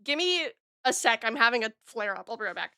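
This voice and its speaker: A young adult woman streaming from home, chatting casually in a gushing, excitable way and swearing freely, close on the mic. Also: fairly high pitch, fast talker, clear, resonant tone, no room sound. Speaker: VTuber streamer. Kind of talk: casual live-stream chat.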